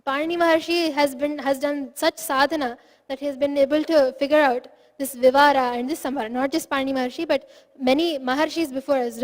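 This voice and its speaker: A woman's voice: high-pitched, big-room sound. A woman teaching a phonetics class, patiently explaining step by step and sounding out syllables aloud.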